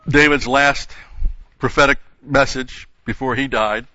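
A man's voice: mid-range voice, steady tone, a little slow, sharp tone, no echo, lo-fi sound. A man preaching a sermon who reads scripture aloud with rising emphasis, then explains it in plain asides.

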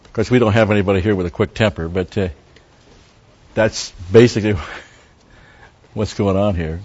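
Low-voiced man teaching scripture. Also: normal speed, darkish tone, lo-fi sound. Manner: conversational, digresses into Hebrew word study; wry asides to the congregation. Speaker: Bible teacher. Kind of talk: verse-by-verse sermon.

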